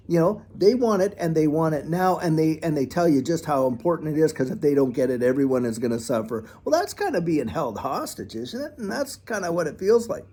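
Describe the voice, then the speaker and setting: Husky, lively-voiced man ranting casually. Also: a little high. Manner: animated, folksy, repeats phrases like "on and on". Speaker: crypto channel host. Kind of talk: casual commentary monologue.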